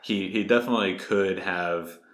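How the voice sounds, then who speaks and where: Man, very low voice, casual book-club chat, roomy echo. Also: normal speed. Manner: relaxed, retelling the plot with filler words. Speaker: podcast co-host.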